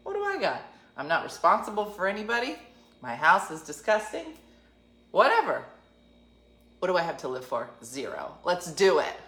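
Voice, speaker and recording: A woman in her fifties telling a comic story, animated and self-mocking. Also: on the low side, normal speed, long pauses, echoey room. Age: 50s. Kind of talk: comedic storytelling.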